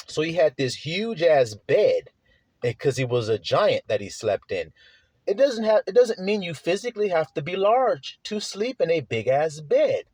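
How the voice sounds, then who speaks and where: A man's voice: high-pitched, breathy edge, dry recording. A man preaching a sermon, reading scripture aloud and breaking in with questions to his listeners, in a blunt, casual manner with slang and swearing, stretching out key words for emphasis.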